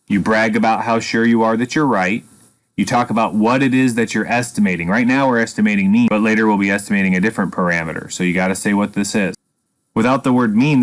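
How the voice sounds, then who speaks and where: A man teaching a statistics lesson, explaining patiently and step by step with a dry sense of humor. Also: fairly low pitch. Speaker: math teacher. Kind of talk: screen-recorded statistics lesson.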